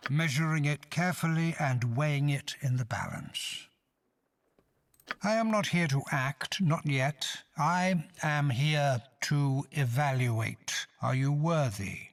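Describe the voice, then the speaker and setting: An actor playing a mysterious hooded male stranger who speaks in slow, measured, ominous riddles. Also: fairly high pitch. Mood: cryptic.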